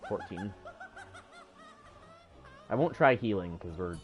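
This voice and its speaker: A man's voice: on the low side, big pitch swings, slow, faint music behind. A male streamer giving live gameplay commentary, rambling and self-critical about his own mistakes.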